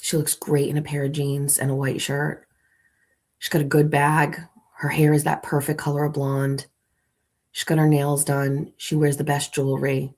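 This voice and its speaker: Low-voiced woman telling a comic story. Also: monotone, moderate pace, darkish tone. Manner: playful, theatrical, leads listeners through an imagined scene. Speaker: morning show host. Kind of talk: comic storytelling to a live audience.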